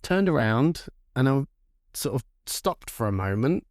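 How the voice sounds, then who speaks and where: A man's voice: mid-range voice, measured pace, no room sound, studio quality. A young man, co-hosting a podcast, telling a story with lots of swearing and acted-out voices of the people in it. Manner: animated storyteller who acts out quoted voices and swears freely. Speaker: podcast co-host. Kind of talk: casual storytelling chat.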